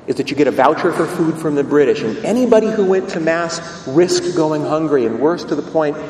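A man's voice: a little high, a little mellow, slight background noise, close to an everyday voice. A man voicing a friendly Irish village man with an Irish brogue, proudly telling local history, in an echoey church from a distance.

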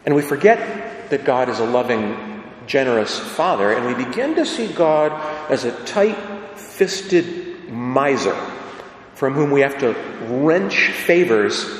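A male preacher delivers an earnest, conversational sermon, his pitch rising and falling in lively sweeps. His voice rings through a large church with a long, echoing tail. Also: a little slow. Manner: earnest, conversational preaching with vivid acted quotes. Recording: echoey church hall.

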